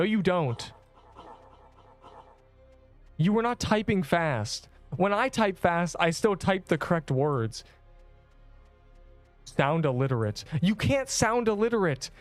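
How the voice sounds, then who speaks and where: A young male game streamer with a slightly higher voice, riffing and teasing his chat in loose, sarcastic banter. Faint music plays under his talk. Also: expressive, slow pace, pauses often. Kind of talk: casual live-stream chat.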